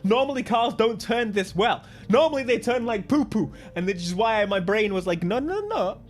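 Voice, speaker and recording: A man with an English accent giving excitable live commentary on a racing game, often yelping and shouting. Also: high-pitched, normal speed, faint music behind. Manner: excitable, bursts into yelps and shouts. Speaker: gaming YouTuber.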